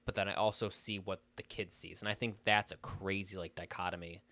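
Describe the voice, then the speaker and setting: Rambling young man, low voice. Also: fairly even intonation, a little fast, sharp tone, no echo. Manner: rambling, loses his train of thought. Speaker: podcast co-host. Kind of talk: casual chat.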